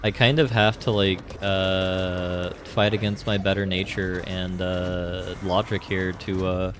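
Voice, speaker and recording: A low, fairly monotone male voice drifts slowly through casual commentary on a game he's streaming live. He rambles with plenty of fillers while background noise runs underneath.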